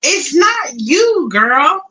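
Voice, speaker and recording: A young woman live streamer in casual chat, animated and talkative, switching between low mutters and loud outbursts. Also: extremely slow, poor audio. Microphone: phone.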